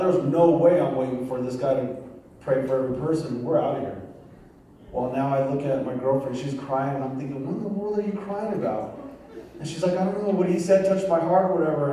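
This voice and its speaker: A man's voice: a little high, warm tone. A man giving a sermon testimony, telling his story with acted-out voices and bits of street slang. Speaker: guest pastor. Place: church sanctuary. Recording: echoey room from a far mic with faint ambience.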